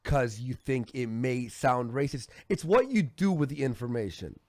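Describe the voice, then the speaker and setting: A man hosting a livestream, chatting loosely and reading out donation messages with a laugh. His throat sounds sore and worn from a long night, and the mic is close and dry. His pitch sits in the middle. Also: lively intonation, moderate pace, a little mellow, no echo. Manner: loose, joking, reads donation messages aloud. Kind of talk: casual livestream chat.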